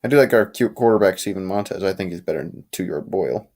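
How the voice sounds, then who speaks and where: A man's voice: sits low, expressive, quick pace, darkish tone. A young man hosting a late-night live chat with viewers, talking casually and rambling with restarts and opinionated asides, sleepy and yawning. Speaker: livestream host.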